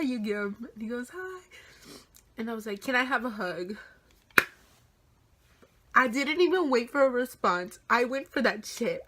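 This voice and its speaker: Young woman vlogger, 18, excited storytelling with heavy swearing and whispered asides. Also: on the high side, a little hiss or hum. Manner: animated, swears a lot, drops into whispers. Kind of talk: casual storytime vlog.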